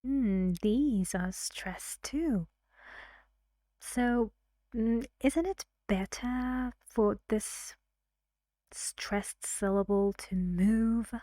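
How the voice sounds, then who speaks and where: A woman teaching English pronunciation in a recorded lesson, speaking carefully and often dropping to a soft whisper. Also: fairly high pitch, drawn-out words, dry recording.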